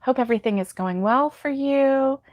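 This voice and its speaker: A high-pitched woman speaks at a moderate pace in a dry recording whose highs are cut off. Sleepy and yawning, she hosts a casual crochet live stream, reading chat and naming viewers with many ums and laughs.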